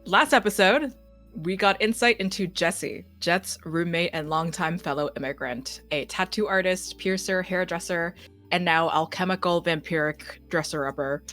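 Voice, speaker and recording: Lower-voiced woman game master. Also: moderate pace, fairly bright tone, soft background music. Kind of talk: reading a campaign recap.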